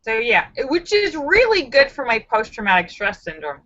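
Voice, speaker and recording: A woman's voice: on the high side, wildly swooping pitch, normal speed, a bit bright, muffled recording. A woman hosting a casual live stream, chatting with viewers in a sassy, joking, self-mocking way.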